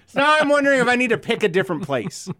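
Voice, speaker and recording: A man's voice: very high voice, sharp tone, dry recording, clean studio sound. A man co-hosting a podcast in casual chat, rambling and profane, often breaking into laughter. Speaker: podcast co-host.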